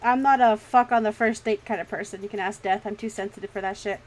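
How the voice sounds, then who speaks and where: A young woman streamer telling a story in casual chat, animated and swearing freely. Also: medium pitch, quick pace, rough recording.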